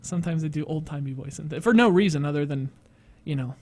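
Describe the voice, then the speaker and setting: A man's voice: on the high side, fast, darkish tone. A man hosting a live stream, rambling and self-mocking as he chats and laughs often. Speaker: host. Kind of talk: casual live stream chat. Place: studio.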